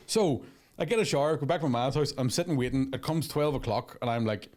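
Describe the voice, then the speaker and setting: Man, podcast host; quick profane yarn-spinning, mimics others. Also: mid-range voice. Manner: profane, animated storytelling with acted quotes. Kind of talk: casual storytelling chat.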